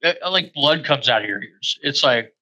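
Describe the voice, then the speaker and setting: Bright-voiced profane podcast co-host man. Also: mid-range voice, normal speed, no echo, lo-fi sound. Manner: rambling, profane, animated storytelling. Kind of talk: casual chat.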